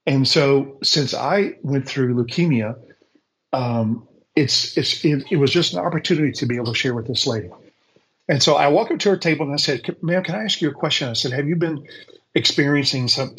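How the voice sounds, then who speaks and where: A man's voice: medium pitch, brisk, a bit bright, low-quality recording. A man, a guest on a call-in show, telling a faith testimony in an earnest, conversational way, often repeating words as he gathers his thoughts. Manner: speaks with faith-filled conviction. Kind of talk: casual storytelling on a call-in show.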